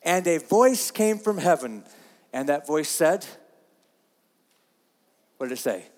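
A man's voice: a little high, animated, slow, long pauses, darkish tone, big-room sound. A man preaching a sermon, earnest and repeating himself, reading scripture aloud. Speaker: pastor.

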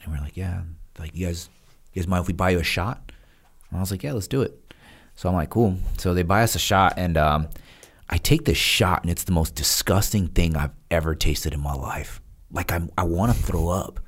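A man's voice: low voice, a little fast, slightly rough. A man telling stories casually in a podcast interview, acting out the people he quotes. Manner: animated, acts out quoted voices. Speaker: guest, retired Navy SEAL. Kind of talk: casual storytelling.

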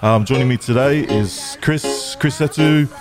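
A man's voice: mid-range voice, measured pace, music in the background. A man hosting a podcast from a hotel room, cracking cheeky, teasing jokes as he introduces his guests. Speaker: podcast host. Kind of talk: joking casual podcast chat.

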